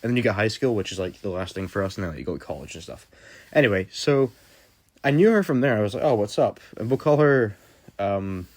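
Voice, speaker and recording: A man's voice: fairly low pitch, lively intonation, fast talker. A young man telling a storytime vlog in a casual, rambling way, full of fillers and swearing. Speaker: vlogger.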